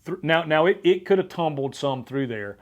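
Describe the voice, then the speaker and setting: Animated male podcast host telling a story. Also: fairly high pitch, normal speed, dull audio. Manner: energetic, animated storyteller with frequent restarts. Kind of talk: casual storytelling chat.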